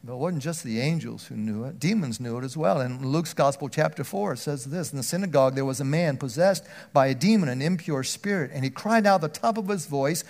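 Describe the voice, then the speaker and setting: A man preaching a sermon, earnest, often restarting words, swinging from loud emphatic stretches down to a near hush. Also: fairly high pitch, fairly quick, hardly any pauses.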